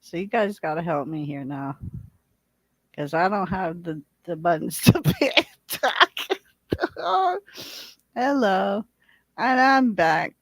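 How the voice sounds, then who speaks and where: A woman's voice: fairly low pitch, lively intonation, takes it slowly, pauses often, dry recording, low-quality recording. A woman chatting casually as a guest on a livestream, playful and teasing and laughing often.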